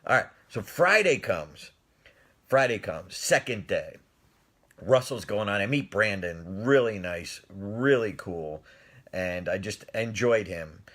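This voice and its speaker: Animated middle-aged man telling a story. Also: on the low side. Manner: animated, laughs often, talks to viewers' comments. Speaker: speaker telling a story on a live stream. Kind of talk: casual storytelling.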